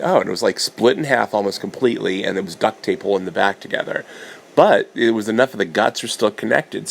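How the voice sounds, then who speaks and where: Male podcast host, low gravelly voice, loose storytelling monologue. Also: slight background noise. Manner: meandering, full of restarts and fillers, animated when quoting himself. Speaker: podcast host recounting dreams. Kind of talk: casual rambling monologue.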